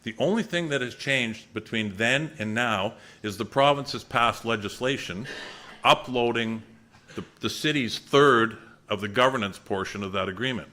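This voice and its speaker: A man's voice: medium pitch, normal speed, bright, forceful tone. A middle-aged man, a member of parliament, speaking at a town hall in an earnest, emphatic way with frequent restarts. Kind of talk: public town hall speech.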